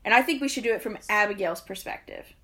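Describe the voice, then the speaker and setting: A woman co-hosting a podcast in casual chat, animated and giggly, quick to laugh. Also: medium pitch, husky. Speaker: podcast co-host.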